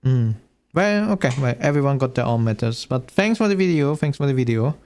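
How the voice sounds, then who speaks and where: A man's voice: mid-range voice, lively intonation, a little fast, darkish tone. A man streaming as a VTuber, reacting casually to a video, thinking aloud and laughing often.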